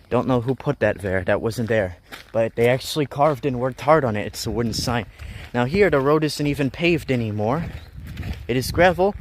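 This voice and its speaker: A man's voice: medium pitch, slight background noise. A young man rambling, joking and griping as he walks a rural mountain road, live-streaming from a handheld phone. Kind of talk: casual live-stream vlog.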